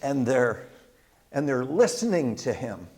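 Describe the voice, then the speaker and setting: An older man at a middle pitch tells a family war story in a chatty, unpolished way. He stumbles, restarts and fills pauses as he talks, and he speaks as the host. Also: very animated, a little mellow. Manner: conversational with frequent restarts and fillers. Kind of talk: personal storytelling.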